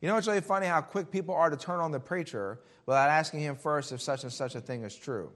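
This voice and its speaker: Male preacher, slightly high voice, punchy rhetorical questions, drops to a hush for warnings. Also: fast talker. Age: adult, Army veteran. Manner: emphatic, rhetorical questions, swings between loud and hushed. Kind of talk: sermon with scripture reading.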